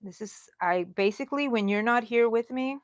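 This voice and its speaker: A woman's voice: fairly high pitch, normal speed, dry recording. Chatty middle-aged woman crocheting live. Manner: chatty and rambling, talks to herself while crocheting. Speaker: crochet channel host. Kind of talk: casual chat during a livestream.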